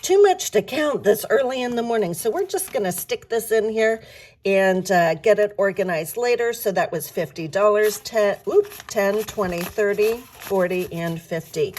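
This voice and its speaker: Chatty woman with a rough morning voice. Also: medium pitch, expressive, moderate pace, darkish tone. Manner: upbeat, chatty, counting bills aloud. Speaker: budgeting vlogger. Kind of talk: casual chat to viewers.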